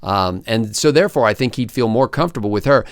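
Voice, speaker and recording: A man as a panelist on a political talk show, reasoning aloud in a measured way. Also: medium pitch, expressive, dry recording, studio quality. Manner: measured, thinks aloud with fillers.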